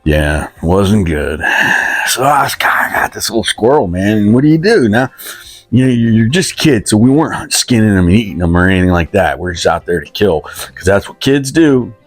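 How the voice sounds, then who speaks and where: Low-voiced man in his fifties. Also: big pitch swings, moderate pace, a little mellow, no room sound, faint music behind. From West Virginia. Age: 50s. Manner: rambling, self-mocking, talks about himself in third person. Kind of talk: rambling comic monologue.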